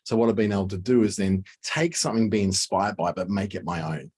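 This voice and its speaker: Low husky male tutor, casual and thinking aloud, for a screen tutorial. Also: fast talker, a little mellow. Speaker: design tutor. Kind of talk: screen-share software tutorial.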